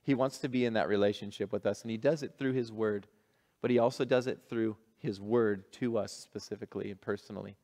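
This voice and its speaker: A man's voice: fairly low pitch, fairly even intonation, a little fast, a little mellow. A male pastor giving a conversational, folksy sermon in a church hall, reading a story and leading prayer. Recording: long hall reverb.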